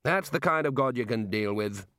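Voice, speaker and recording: A man voicing a hearty, bossy elderly wizard chief who talks briskly and cheerfully brushes things aside. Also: lively intonation, a bit bright, clear, resonant tone, no echo, natural voice. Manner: booming, brisk and cheerfully dismissive. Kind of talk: audiobook character voice.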